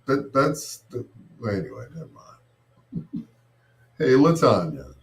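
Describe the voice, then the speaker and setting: Calling listeners baby and jokingly greeting viewers by name, a man hosts a late-night stream in a slow, smooth, romantic croon. His mid-range voice makes huge pitch swings.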